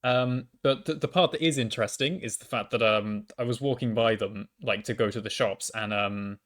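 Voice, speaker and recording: A young man talks through a storytime at a mid-range pitch. He hesitates, stutters and restarts often, and he mocks himself as he goes. It sounds like a student recording into a microphone at home. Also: moderate pace, a bit bright. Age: young adult. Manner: hesitant, stammering restarts, self-deprecating. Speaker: university student. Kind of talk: casual storytime monologue.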